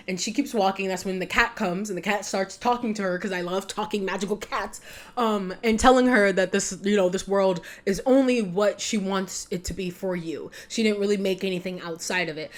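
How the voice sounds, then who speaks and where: A young woman talks casually to camera about a film, in a rambling, giggly way. She fills her sentences with "like" and drifts between thoughts. Her voice sits at an ordinary middle pitch. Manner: rambling, giggly, heavy use of "like". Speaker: vlogger reacting to a film. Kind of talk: casual chat.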